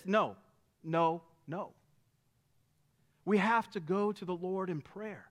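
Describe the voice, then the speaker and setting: A man preaching a sermon as pastor, animated and conversational, often checking in with "right?". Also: sits high, slow pace, pauses often. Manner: animated, rhetorical, keeps asking "right?".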